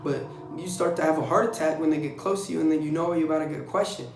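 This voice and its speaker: A young man casually telling blunt, profane stories in a vlog, animated whenever he quotes other people. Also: a little high, rapid-fire, a little hiss or hum. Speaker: vlogger recounting navy boot camp. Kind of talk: casual storytelling. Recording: echoey room.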